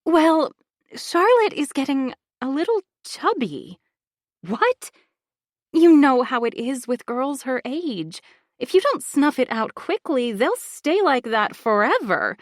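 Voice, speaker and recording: A woman reading the part of a falsely caring adult woman in an audiobook, with a soft, sugary manner. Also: high voice, very animated, slow, dry recording, clean studio sound, voice pushed up, full character voice. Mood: coaxing. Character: sweetly concerned manipulative adult woman.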